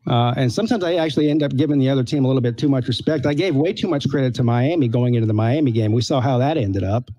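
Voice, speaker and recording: A man's voice: medium pitch, fast, hardly any pauses, dark tone, a little hiss or hum. A man co-hosting a casual sports podcast, talking with frequent fillers and restarts. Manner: hesitant, lots of fillers and restarts.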